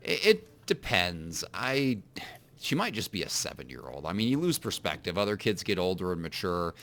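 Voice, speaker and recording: A man's voice: sits low, big pitch swings, normal speed, vocal fry, fairly bright tone, a little hiss or hum. A man co-hosting a podcast in casual chat, rambling and self-deprecating, often restarting his sentences. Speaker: podcast co-host.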